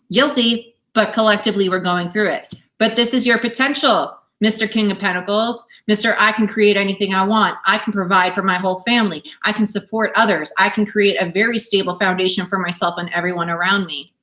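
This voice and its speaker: A young adult woman reads tarot cards live for her viewers from home. She talks in an animated, encouraging way and laughs often between her points. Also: medium pitch, brisk. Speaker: tarot reader. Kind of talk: live-stream tarot reading. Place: home, dog nearby.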